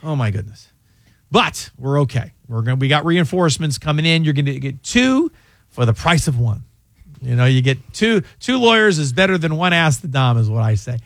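A man's voice: fairly high pitch, big pitch swings, moderate pace, no echo, studio quality. A man hosting a call-in radio show about legal questions, talking in a chatty, emotional way and often stumbling over his words. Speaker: radio show host and lawyer.

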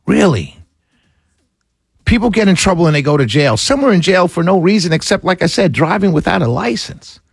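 A man's voice: sits high, very animated, fairly quick, creaky, slight background noise. A man hosting a talk radio show, ranting with sarcasm and passion and laughing between his points. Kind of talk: opinionated radio monologue.

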